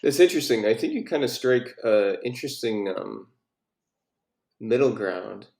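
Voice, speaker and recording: A man running a casual poetry critique who asks curious questions and murmurs verse lines under his breath. His mid-pitched voice carries a gravelly fry, and the room around him is echoey. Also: expressive, normal speed. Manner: inquisitive, reads verse softly. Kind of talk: casual critique and reading aloud.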